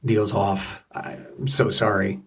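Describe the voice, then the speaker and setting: A man co-hosting a podcast, telling a family story in earnest, halting casual chat. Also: on the low side, little pitch movement, far from the mic, slight background noise. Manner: earnest, halting, restarts mid-sentence. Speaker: podcast co-host.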